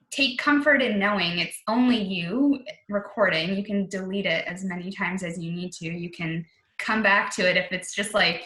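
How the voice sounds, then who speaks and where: Woman guest in a roomy echo. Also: mid-range voice. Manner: steady, explanatory advice-giving. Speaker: sales team manager, podcast guest. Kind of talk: casual conversational interview.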